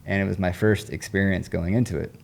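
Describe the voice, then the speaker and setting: A man's voice: sits low, fairly even intonation, fairly quick, gravelly, a little hiss or hum. A man, a recovery coach on an interview show, telling a personal story in an earnest, rambling, casual way with lots of slang.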